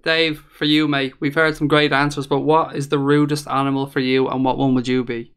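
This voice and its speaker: A man's voice: mid-range voice, level tone, fairly quick, a bit bright, smooth. A man hosting a casual fan podcast, reading listener questions and teasing his co-hosts in friendly banter. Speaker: podcast host. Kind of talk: casual chat.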